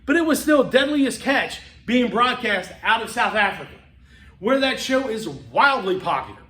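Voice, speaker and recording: A man with a fairly high voice lectures to a class in a loose, chatty way, trailing into fillers and restarting his sentences. The sound rings around a reverberant classroom. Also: sing-song, normal speed, bright, forceful tone. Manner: conversational, rambling with many fillers and restarts. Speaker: college instructor.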